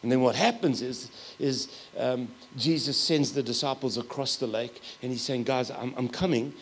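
Gravelly middle-aged male pastor. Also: mid-range voice, moderate pace, slight background noise. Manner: storytelling with loud, animated asides. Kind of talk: sermon.

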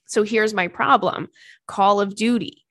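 A woman podcast host in her thirties, chatting frankly and swearing freely as she reads out listener letters. Her voice sits at an ordinary middle pitch. The sound is dry and close, with no room echo. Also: steady tone, a bit bright. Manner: candid, swears freely, quick asides. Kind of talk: casual chat, reading listener letters.

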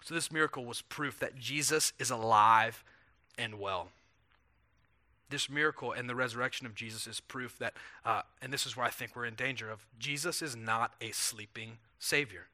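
Bright-voiced male pastor preaching. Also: medium pitch, normal speed. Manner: earnest, conversational preaching with rhetorical questions and repeated words. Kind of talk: sermon.

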